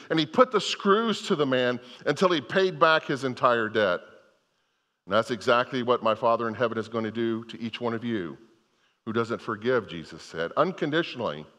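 Older pastor with a bright voice. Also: male voice, a little high, animated, normal speed, in a large hall. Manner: retells a parable in a storytelling voice, often restarting phrases. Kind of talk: sermon.

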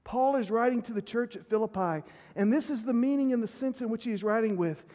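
A man's voice: very high-pitched, fairly quick, mellow. A male pastor preaching a sermon earnestly, often repeating words as he builds a point. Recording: reverberant hall.

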